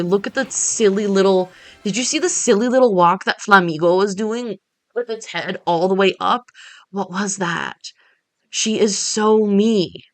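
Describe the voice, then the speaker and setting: A woman with a slightly low voice chats loosely while she plays, drifting from joke to aside and talking straight to her viewers. Faint game music runs under her voice. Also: a bit bright. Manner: rambling, jokey, talks to chat. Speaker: streamer. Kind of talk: casual gameplay chat.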